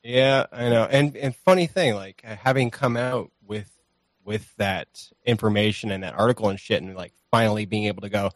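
A man's voice: lowish voice, normal speed, no echo. A man talking as a podcast guest in a loose, rambling, profane and self-deprecating way, recorded on a home streaming mic. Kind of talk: casual chat.

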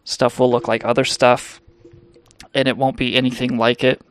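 A man's voice: medium pitch, little pitch movement, moderate pace, smooth, dry recording, clean studio sound. A man hosting a comedy podcast, telling rambling, crude, self-mocking stories in a casual monologue. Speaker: podcast host.

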